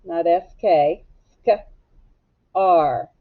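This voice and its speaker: A woman teacher leads a phonics lesson at a slow, deliberate pace, sounding out syllables one by one with patient care. The recording is slightly dull and muffled. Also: fairly low pitch. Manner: slow, patient, drawn-out instruction.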